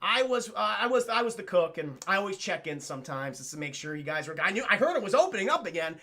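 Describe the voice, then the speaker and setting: A man voicing a vengeful older woman, a grieving killer mother, in a shrill sing-song falsetto that turns from sweetly motherly to screaming. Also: sing-song, fast, bright, forceful tone, exaggerated voice. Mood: sweetly concerned. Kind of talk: livestream scene retelling.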